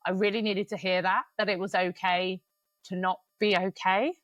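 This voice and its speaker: A woman in her thirties chatting on a podcast, open and emotional, with the odd swear word and bursts of quick venting. Her voice sits at a middling pitch. It is recorded close and dry, with no room sound. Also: flat delivery, a bit bright, no echo, dull audio. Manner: frank, emotional and swearing, speeds up when venting. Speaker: podcast co-host. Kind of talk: casual podcast chat.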